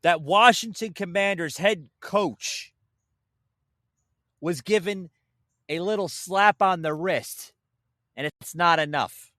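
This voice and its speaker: A man's voice: high-pitched, slow, pauses often, bright, forceful tone, no room sound, clean studio sound. A man hosting an opinion podcast, ranting in a heated, sarcastic way and swearing as he talks to his listeners. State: a little winded. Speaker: podcast host.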